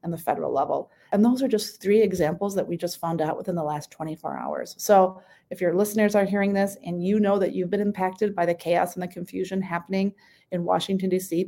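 A woman's voice: lowish voice, dark tone. A middle-aged woman, a state senator, talking in an earnest, plainspoken way as a guest on a radio talk show, with some restarts. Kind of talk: casual radio interview.

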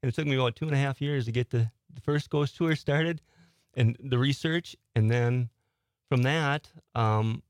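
An older man, a soft-spoken guest in a radio studio, talking quietly and laughing often. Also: mid-range voice, normal speed, no room sound. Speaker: studio guest, ghost tour guide. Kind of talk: casual interview.

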